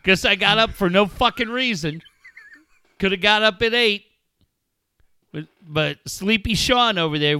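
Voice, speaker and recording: A man's voice: sits high, lively intonation, normal speed, pushed and bright, clean tone. A man co-hosting a casual talk show, swearing a lot and mock-ranting sarcastically. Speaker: podcast co-host. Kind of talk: crude comedic banter.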